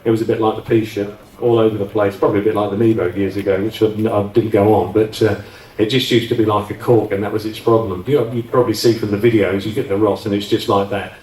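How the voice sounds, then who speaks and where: A man's voice: on the low side, little pitch movement, fast talker, darkish tone. Chatty man reminiscing, roomy and distant. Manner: rambling, chatty, with frequent restarts and laughs. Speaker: interview guest, former offshore radio DJ. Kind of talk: casual recollection on stage interview. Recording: roomy sound from a distant mic.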